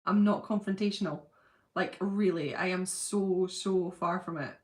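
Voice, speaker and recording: A woman's voice: fairly low pitch, steady tone, unhurried. A middle-aged woman hosting a casual livestream, chatting and laughing as she greets viewers by name. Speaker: channel host. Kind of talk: casual livestream chat reading viewer comments.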